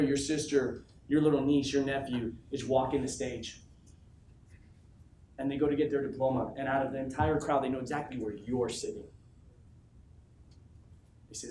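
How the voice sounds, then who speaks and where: A man giving a motivational speech to his team, emphatic and swinging from low, intimate lines to loud, shouted questions he keeps repeating. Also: moderate pace, pauses often, a little hiss or hum. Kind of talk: motivational speech to a live audience. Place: large office room with an audience. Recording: echoey room from a distance with faint ambience.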